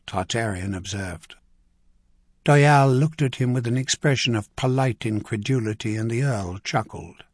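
A man reading a fantasy audiobook as narrator, in steady scripted narration. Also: lowish voice, unhurried, husky, dry recording, studio quality.

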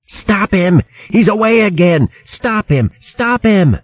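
A man's voice: sits high, expressive, slow, no room sound, pitched above the performer's own voice, full character voice. A man voicing a panicky male fox vermin leader who sniggers and screams hysterically, on a dull lo-fi recording.

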